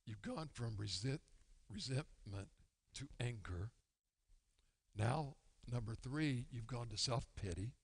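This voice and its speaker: A man preaching a sermon as pastor, acting out grumbling churchgoers in an animated way. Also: medium pitch, slow pace, vocal fry, long pauses, slightly rough. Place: church sanctuary. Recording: long church hall reverb.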